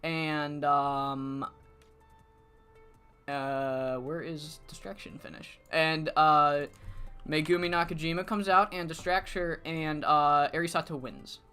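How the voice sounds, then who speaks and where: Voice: medium pitch, steady tone, takes it slowly, sharp tone, clean tone, soft background music. A streamer booking matches in a wrestling management game, rambling to himself and chat and swearing freely. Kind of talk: casual live-stream commentary.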